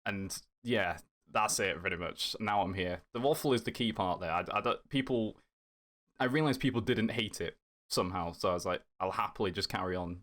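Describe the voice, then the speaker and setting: Lower-voiced man rambling as a podcast guest. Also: moderate pace, a bit bright. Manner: enthusiastic, rambling, fillers and restarts. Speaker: podcast guest, content creator. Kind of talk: casual podcast chat.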